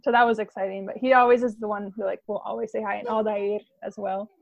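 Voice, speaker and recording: A woman middle school teacher chatting excitedly, with many fillers and "like"s. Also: mid-range voice, quick pace, vocal fry, no room sound, highs cut off. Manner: excitable, lots of "like". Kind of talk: casual chat.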